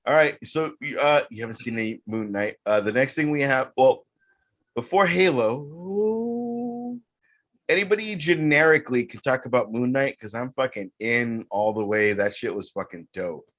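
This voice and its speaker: A man chatting on a casual podcast, excitable and swearing constantly. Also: mid-range voice, moderate pace.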